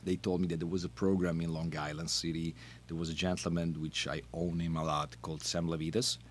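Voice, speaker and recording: Brief: middle-aged Italian man, Italian accent, lowish voice, lively, halting storyteller guest. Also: a little hiss or hum. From Italy. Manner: animated, laughing, halting non-native phrasing. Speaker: podcast guest, wine brand manager. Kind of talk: casual storytelling interview.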